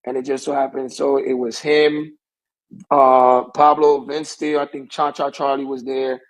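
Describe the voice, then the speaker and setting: A man's voice: medium pitch, flat delivery, normal speed, rough recording. A young man, a pro wrestler guest, telling a rambling story in casual talk and circling back with the same stock phrase.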